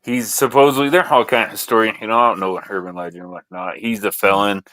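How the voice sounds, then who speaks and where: Man, low voice, blunt, casual panel chat, dry close sound. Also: fairly even intonation, quick pace, a bit bright, dry recording. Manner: blunt, says "dude" often. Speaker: podcast co-host.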